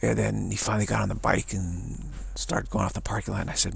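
A man from California casually telling a rambling personal story, full of repeats and fillers, acting out others' lines in a higher voice. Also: little pitch movement, fast talker, creaky, few pauses, breathy edge. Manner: digressive, repeats words, many "you know" and "like"; acts out other people's quoted voices in a higher pitch.

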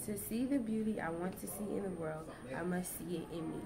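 Woman, calm, assured; crowd chatter behind. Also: lowish voice, brisk, vocal fry.

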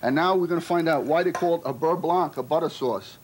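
This man, a chef, talks fast in a fairly high voice, chatting and joking while he cooks in a restaurant kitchen. He often ends sentences with "okay?", and there's noise in the background.

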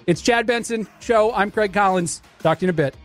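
A man's voice: sits high, fairly quick, over music. A man filling in as a radio talk show host, rambling sarcastically through a casual monologue. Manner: sarcastic, rambling, restarts often.

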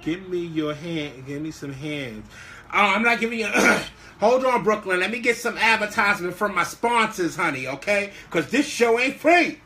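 A man's voice: sits high, animated, normal speed, sharp tone. A man hosting a live stream in a sassy, flamboyant way, calling everyone honey and baby. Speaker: live-stream show host. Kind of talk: casual live-stream chat.

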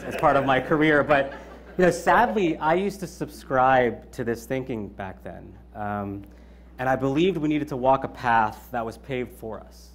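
A man in his thirties giving an opening keynote at his own event, conversational, with many ums and you-knows. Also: medium pitch. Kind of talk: conference keynote speech.

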